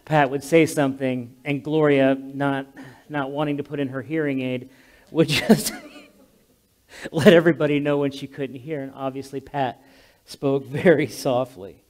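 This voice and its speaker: A male pastor giving a heartfelt memorial sermon in a church, talkative and loud by his own account, often restarting his sentences. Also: medium pitch, fairly even intonation, normal speed. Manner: talkative, self-described loud, frequent restarts. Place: church sanctuary. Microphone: amplified handheld or stand mic with monitor.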